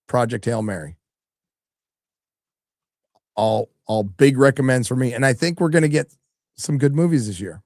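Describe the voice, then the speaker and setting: A middle-aged man hosts a live stream in a loose, chatty way, cursing often as he reads out viewer messages. His voice sits at an ordinary pitch and is recorded dry and close to the mic. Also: a little mellow, dry recording. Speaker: livestream host reading donations. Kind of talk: casual live-stream chat.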